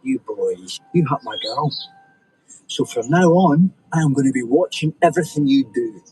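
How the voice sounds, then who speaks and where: An actor playing a police officer and father who threatens teenage boys with slow, deliberate menace. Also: medium pitch, expressive, darkish tone, a little hiss or hum, natural voice, low-quality recording. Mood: menacing. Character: protective cop father threatening teen boys.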